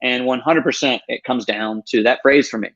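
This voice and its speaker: A man's voice: mid-range voice, normal speed, a bit bright, dull audio. A man in his thirties, a guest on an interview show, telling his story earnestly and with emphasis. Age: 30s.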